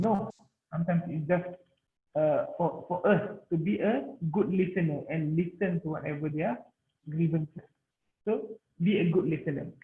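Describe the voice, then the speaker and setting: Malaysian guy teaching an online class, high voice, tinny echoey call audio, lots of repeated words. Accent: Malaysian English. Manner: code-switches, halting repetitions. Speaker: paediatrics lecturer. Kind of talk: online lecture. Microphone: computer mic on a video call, camera off.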